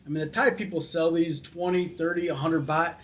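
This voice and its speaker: A man's voice: a little high, fairly even intonation, fairly quick, fairly bright tone, a little hiss or hum. Chatty, opinionated man vlogging. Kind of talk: casual vlog commentary. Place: in Thailand.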